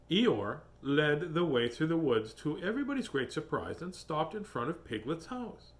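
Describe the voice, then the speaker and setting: Playful, lively-voiced middle-aged man. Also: on the high side, moderate pace. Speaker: host reading children's books. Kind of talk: storybook reading and casual livestream chat.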